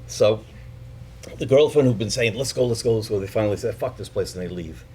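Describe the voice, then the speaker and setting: A middle-aged man telling a personal story live, animated and profane as he acts out the people in it, then quiet and halting when he speaks about his family. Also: fairly low pitch, slight background noise.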